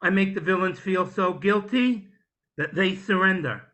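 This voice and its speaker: Man, stand-up comic, high bright voice, hushed stories with shouted punchlines. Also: moderate pace. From New Jersey, US. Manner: swings from hushed storytelling to loud shouted punchlines. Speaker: stand-up comedian. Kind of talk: stand-up set on a video call.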